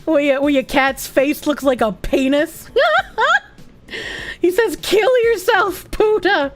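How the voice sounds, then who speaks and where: A woman's voice: high-pitched, slow pace. A woman streamer chatting casually and bluntly as she reacts to posts, swearing freely and laughing often.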